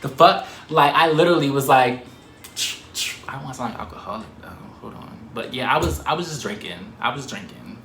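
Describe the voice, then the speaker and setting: A man telling a story to the camera in a casual, animated way, swearing and laughing often. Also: medium pitch, fairly quick, reverberant, a little hiss or hum.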